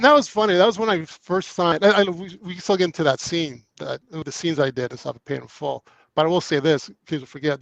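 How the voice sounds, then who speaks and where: A man with a slightly high, gravelly voice spins a story on a podcast, slipping into the voices of the people in it. The sound is close and dry, with no room around it. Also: no echo, lo-fi sound. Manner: animated, acts out both sides of conversations, laughs often. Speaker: actor guest. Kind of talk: casual storytelling.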